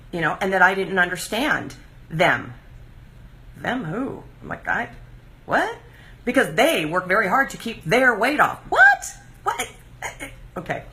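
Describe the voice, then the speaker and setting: A woman's voice: medium pitch, creaky. A middle-aged woman hosting a live recovery talk show, speaking emphatically and directly to her viewers. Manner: emphatic, lively, talks straight to viewers.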